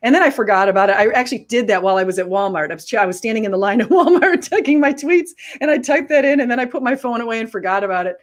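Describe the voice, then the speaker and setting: A woman's voice: fairly high pitch, rapid-fire, hardly any pauses. Chatty woman telling a story. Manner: animated storytelling, quoting others. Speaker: host. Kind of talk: casual chat.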